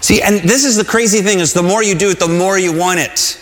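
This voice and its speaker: A man preaches in an easy, conversational way, circling back and restarting his sentences as he goes. His voice sits a little high for a man. The sound rings out with a long hall echo. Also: brisk, fairly bright tone. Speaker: pastor. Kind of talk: sermon.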